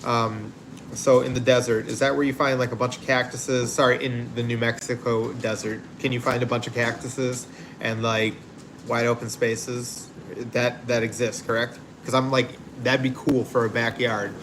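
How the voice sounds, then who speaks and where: A man's voice: mid-range voice, flat delivery, moderate pace, noisy background. A man hosting a casual livestream, rambling easily and chatting with viewers while he cooks outdoors at home. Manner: easygoing, rambling, laughs easily. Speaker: livestream host. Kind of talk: casual livestream chat, reading viewer comments.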